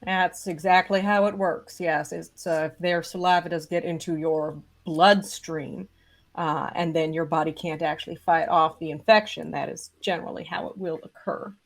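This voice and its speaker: A woman game master voicing a reckless young male witch, who explains things in a low-key, matter-of-fact way. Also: steady tone, normal speed.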